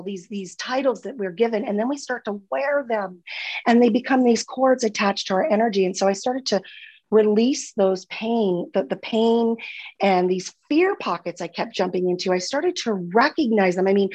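A former nurse who became a spiritual healer appears as a guest on a casual podcast, her medium-pitched voice slightly mellow and her pace moderate. She talks earnestly and from the heart, often repeating words.

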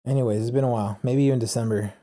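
A man's voice: mid-range voice, steady tone, rapid-fire, mellow. A man co-hosting a podcast in casual chat, chatty and full of questions. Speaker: podcast co-host.

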